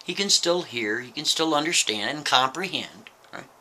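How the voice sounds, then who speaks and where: Bright-voiced man telling a story. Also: a little high, lively intonation, normal speed. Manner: chatty, with frequent "right?" asides to the listener. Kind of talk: casual spoken storytelling.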